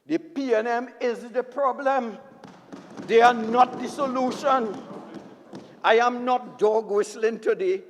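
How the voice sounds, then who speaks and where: A man's voice: extremely high pitch, steady tone, slow pace, a little hiss or hum. A man with a Trinidadian accent giving an impassioned, emphatic parliamentary debate speech, repeatedly addressing the Speaker from a desk microphone. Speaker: member of parliament. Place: parliament chamber. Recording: long reverb of a debating chamber.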